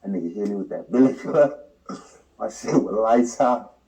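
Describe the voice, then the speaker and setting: A man's voice: fairly low pitch, moderate pace, far from the mic, low-quality recording. A man telling a prison story in an interview, in heavy slang, acting out the quotes. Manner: slangy, animated retelling with acted quotes. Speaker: interview subject.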